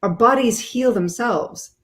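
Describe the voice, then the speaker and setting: A woman's voice: fairly high pitch, measured pace, fairly bright tone. A woman speaking as a guest author in an interview, explaining her ideas in an earnest way.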